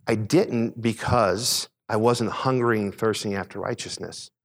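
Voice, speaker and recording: A middle-aged man preaching a sermon, a pastor telling a personal story in a conversational, animated way. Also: in a large hall. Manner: conversational preaching, animated retelling with quick pitch swings.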